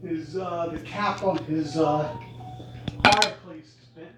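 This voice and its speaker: A low-voiced woman answers briefly from across the room. Her voice comes from far off in a very echoey space, under loud noise and clicking. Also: takes it slowly. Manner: short offhand replies from across the room. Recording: faint, distant voice with loud noise.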